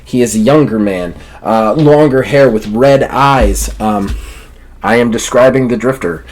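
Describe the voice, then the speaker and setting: A man's voice: mid-range voice, unhurried. A man narrating a tabletop game as game master, rambling with many fillers and restarts.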